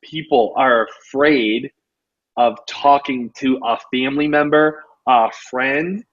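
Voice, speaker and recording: A man hosting a casual interview as a real estate coach, telling stories with lots of "you know" and an animated delivery. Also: medium pitch, slow pace. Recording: dull lo-fi audio.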